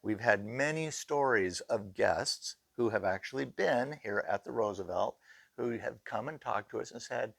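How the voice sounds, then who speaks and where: Gravelly man telling ghost stories. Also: medium pitch, moderate pace, no room sound. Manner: animated, acts out quoted voices. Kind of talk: casual storytelling.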